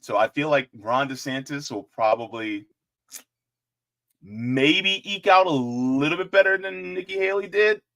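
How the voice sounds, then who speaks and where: A man hosting casual political commentary in an animated, joking way, with chatty asides. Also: a little high, a little slow.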